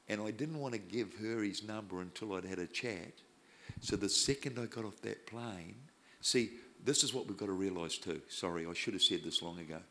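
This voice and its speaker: A man preaching, telling a personal story in an animated way and acting out the people he quotes. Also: on the low side, normal speed, slight background noise. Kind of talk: storytelling sermon.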